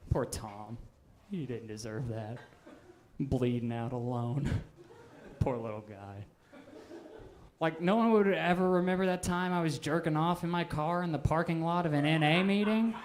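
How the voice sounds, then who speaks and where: Slightly high-voiced young comedian, offhand. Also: male voice, a little hiss or hum. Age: 20s. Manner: dark, offhand deadpan delivery with many "um"s. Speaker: stand-up comedian. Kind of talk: stand-up set. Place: live comedy stage.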